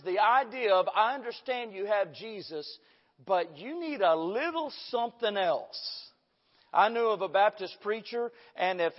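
A man preaching a sermon, building emphasis and slowing down on key phrases. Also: high voice. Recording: dull sound in a reverberant hall.

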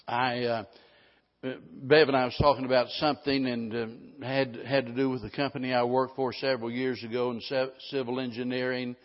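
A man's voice: mid-range voice, level tone, moderate pace. A middle-aged male pastor preaching a sermon in a folksy, rambling way, often restarting his sentences. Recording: dull lo-fi sound with a long hall reverb.

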